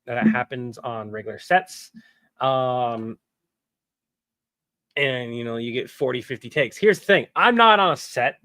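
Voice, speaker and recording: A man's voice: medium pitch, measured pace, pauses often, pushed and bright, no room sound. A man chatting casually on a livestream from his home setup, rambling candidly and swearing now and then. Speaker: streamer and voice actor.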